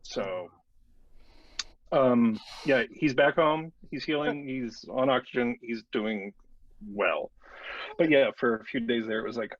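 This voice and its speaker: A man's voice: mid-range voice, slow pace, dry recording. Man, podcast co-host, loose casual talk, dry close sound, lo-fi. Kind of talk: casual chat. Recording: dry, dull lo-fi podcast mic.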